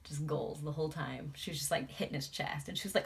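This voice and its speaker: A woman's voice: low-pitched, fast talker, creaky. A young adult woman, a beauty vlogger, chatting casually and swearing freely while doing her makeup.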